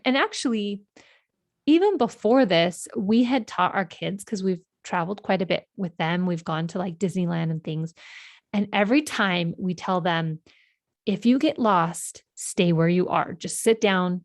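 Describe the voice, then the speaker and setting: A woman's voice: on the low side, no echo, studio quality. A woman in her thirties hosting a podcast, telling a personal story in a casual, emotional way with many fillers. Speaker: podcast host.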